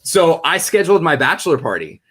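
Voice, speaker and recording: A young man co-hosting a casual podcast, telling a story with quick, animated energy and lots of fillers. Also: a little high, a little hiss or hum. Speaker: beat reporter and podcast co-host.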